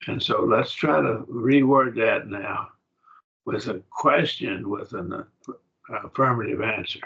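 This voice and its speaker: The lesson is Greek grammar, given by a man with a low, fairly bright voice and some vocal fry. He explains things slowly and asks the class questions, all over a video call with flat, lo-fi sound.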